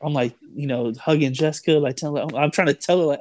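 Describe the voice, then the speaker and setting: A man's voice: on the high side, fairly even intonation, fast talker, darkish tone, no room sound. A young man telling a story in casual chat, rambling with lots of "like", "dude" and "bro". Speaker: storyteller guest.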